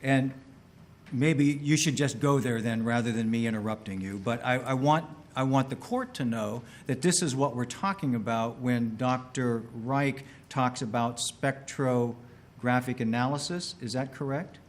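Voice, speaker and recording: A man's voice: mid-range voice, measured pace, slight background noise. Guy in a courtroom questioning a witness, careful, restarts a bit, plain mid voice.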